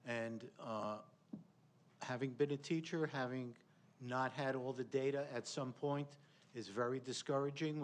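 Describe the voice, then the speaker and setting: A man on a school board speaking directly at a meeting, a little halting as he makes his point. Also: medium pitch. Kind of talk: spoken remarks at a board meeting.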